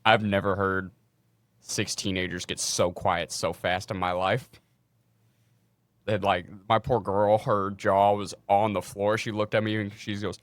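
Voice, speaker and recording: A young man with a lowish voice tells a work story on a podcast. He talks casually and with energy, swears freely, and acts out the people in his story. The sound is close and dry. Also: fairly even intonation, normal speed, a bit bright, dry recording. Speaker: podcast co-host.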